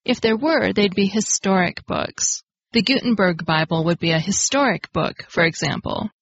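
A woman hosting a podcast, reading a scripted grammar lesson in a clear, explanatory way and stressing the key words. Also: medium pitch, moderate pace, no echo. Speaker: podcast host. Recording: dry, slightly dull lo-fi studio recording.

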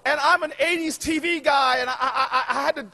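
Loud, animated male stand-up comic with a very high voice. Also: a little fast. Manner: loud, animated, often shouting. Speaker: comedian. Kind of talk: stand-up comedy storytelling.

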